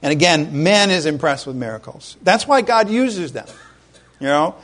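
A middle-aged man from Rhode Island delivers a sermon in a high, lively voice. He preaches conversationally, telling stories and checking in with the congregation. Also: normal speed. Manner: conversational, animated storytelling with asides to the congregation. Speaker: pastor.

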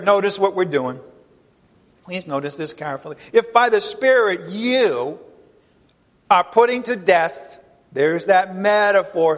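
A man's voice: high-pitched, a bit bright, long reverb tail. A man preaching a sermon, emphatic and full of rhetorical questions to the congregation. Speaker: pastor.

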